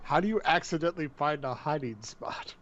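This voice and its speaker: A man's voice: on the high side, a little fast, a bit bright, a little hiss or hum. A man playing a tabletop game, speaking casually and matter-of-factly. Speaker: player. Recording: dull, dry lo-fi sound.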